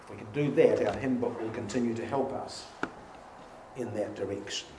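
A man's voice: lowish voice, normal speed. A man leading a church study meeting, reading hymn and psalm lines aloud with emphasis. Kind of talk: informal Bible study talk. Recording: echoey room with faint hiss.

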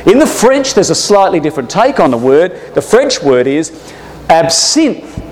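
A man teaching a Bible class to a live audience, jokey and animated, often addressing his listeners as brothers and sisters. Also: sits high, normal speed. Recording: long echo of a hall.

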